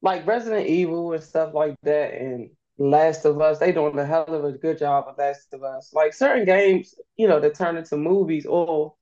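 A woman's voice: sits low, mellow, lo-fi sound. A woman guest on a podcast, talking in an easygoing, slangy way. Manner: easygoing, slangy, quick to laugh. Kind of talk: casual chat.

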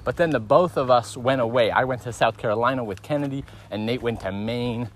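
A young man with a brisk, mid-range voice co-hosts a podcast while hiking a woodland trail outdoors. He chats casually, rambles, and laughs often.

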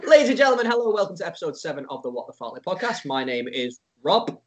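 High-voiced teasing podcast host. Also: male voice, sing-song. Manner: playful, teasing, quick to laugh. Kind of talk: light-hearted podcast chat.

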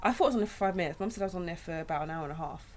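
A young woman chatting casually, telling her birth stories in a lively, storytelling manner. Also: lowish voice, rapid-fire, slight background noise. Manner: chatty storytelling, animated when retelling. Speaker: new mother. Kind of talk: casual chat.

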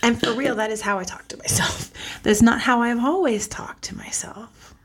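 A woman giving a gentle self-care lesson, soft and earnest, often dropping almost to a whisper. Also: fairly high pitch, normal speed, slight background noise. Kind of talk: guided self-talk lesson.

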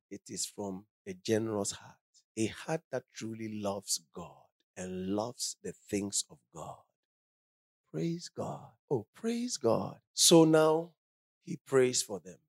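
Male preacher, lively pitch, dry close sound, keeps asking "true or false" of the congregation. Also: slow pace, dry recording. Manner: call-and-response questions to the congregation; rising emphatic reading of scripture. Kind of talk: sermon with Bible reading.

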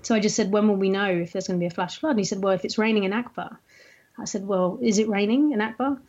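A woman with a mid-pitched voice recounts a story from a shoot, replaying each exchange. The audio is dull and lo-fi. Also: quick pace. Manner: recounts dialogue in an animated way. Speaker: interviewee.

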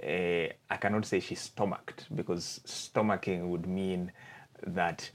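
A man in his forties, a podcast guest, telling his own story in a reflective, halting way and often checking in with the listener. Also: low-pitched, level tone. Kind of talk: candid personal storytelling.

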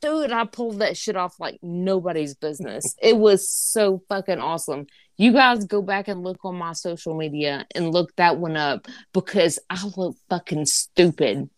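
A woman's voice: fairly low pitch, normal speed, hardly any pauses, dry recording, studio quality. A woman co-hosting a horror podcast, telling stories in a brash, profane, laughing way. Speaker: podcast co-host. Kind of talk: casual chat.

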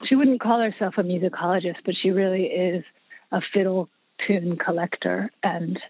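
A woman's voice: on the low side, fairly even intonation, normal speed, no room sound. Woman on a tinny phone line. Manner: chatty, lots of fillers and restarts. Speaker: podcast guest, musician. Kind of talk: casual interview storytelling. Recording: husky, dry, phone-like line.

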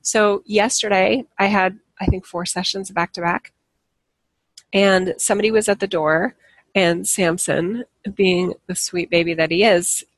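A woman talks casually to her live viewers in a voice with a gravelly edge. She rambles and restarts her sentences, often laughing at herself. The sound is close and dry. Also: medium pitch, fairly even intonation, unhurried, no echo. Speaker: livestream host.

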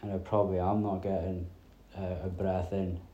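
A man in his thirties from north-east Scotland rambles through a chatty solo podcast, dropping his T sounds. His voice is low, dark and mellow, and it stays fairly level in pitch. The sound carries an echoey room around it. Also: little pitch movement, normal speed, lo-fi sound. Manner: rambling, chatty storytelling with many fillers. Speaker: podcast host. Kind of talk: casual solo podcast chat.

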